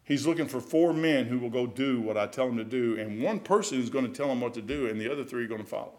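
A middle-aged man preaching a sermon in a folksy, conversational way, with sudden loud outbursts. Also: medium pitch, fast. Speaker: pastor.

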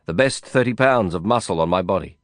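A man reading a first-person novel aloud in a measured, brooding way. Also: low voice, animated, no room sound, studio quality. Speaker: audiobook narrator.

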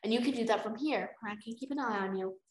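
A woman reading the lines of a cunning, scheming female dragon in a smooth, cold way. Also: on the high side, fast, lightly acted. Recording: roomy echo.

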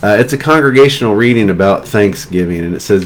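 A man preaching as pastor, talking through a passage and then reading scripture aloud in a slow, measured way with emphatic lines of praise. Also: on the low side, animated.

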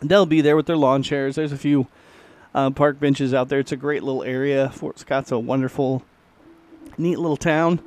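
A man's voice: mid-range voice, fairly even intonation, normal speed, darkish tone. A middle-aged man, hosting his own podcast in a casual, folksy, self-deprecating ramble. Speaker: podcast host and musician. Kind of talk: casual solo chat.

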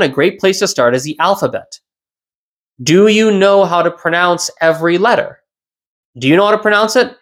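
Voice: mid-range voice, a bit bright. A language teacher hosting a solo educational podcast, explaining step by step, repeating key points and asking rhetorical questions.

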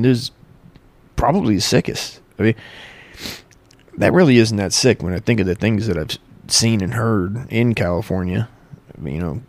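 A man's voice: on the low side, gravelly, darkish tone. A man rambling through a crude, profane comic monologue, stumbling and correcting himself as he goes.

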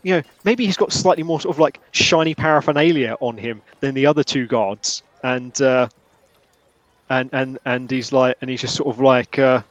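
A man narrating as game master, halting and rambling with many restarts. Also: medium pitch, no room sound.

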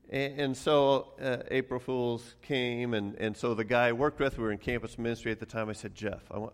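A man preaching a sermon as pastor, telling stories casually and often repeating words as he goes. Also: on the low side. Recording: long hall reverb.

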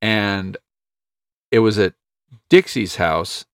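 A man with a fairly low voice, chatting casually on a podcast and rambling through anecdotes with frequent chuckles. The sound is dry and close, with no room echo. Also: slow pace, clean tone. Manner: rambling storyteller, chuckles often. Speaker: podcast co-host. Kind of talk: casual chat.

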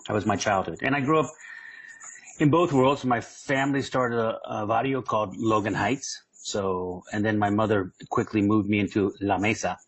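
A man from San Diego, a comedian guest, telling animated, jokey stories in a casual interview with frequent restarts. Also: fairly low pitch, husky, low-quality recording. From San Diego, California.

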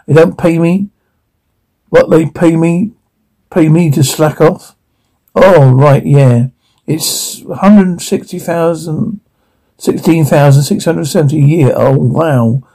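A man's voice: fairly high pitch, slow pace, gravelly, dark tone, full character voice, poor audio. An actor playing a boastful, tough male pharmacist in a sitcom scene. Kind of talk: sitcom acting.

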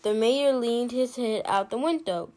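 A woman reading a children's picture book aloud in a slow, expressive way, lifting her voice for the characters. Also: a little high. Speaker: storybook reader.

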